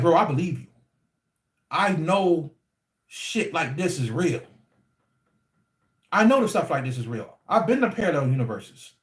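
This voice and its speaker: A man telling a story casually to his livestream audience in an animated, slangy, repetitive way. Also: high voice. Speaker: livestream host. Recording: echoey room.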